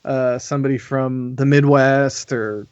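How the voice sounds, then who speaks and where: An American man hosting a podcast in casual chat, chatty and quick to laugh, with many restarts. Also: mid-range voice, steady tone, clear, resonant tone, dry recording, highs cut off. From United States. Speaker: podcast host.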